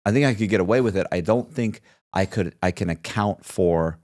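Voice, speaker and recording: A man with a low-pitched voice, speaking a little fast, tells a long story as a podcast interview guest. He's a lively storyteller who acts out the people he quotes.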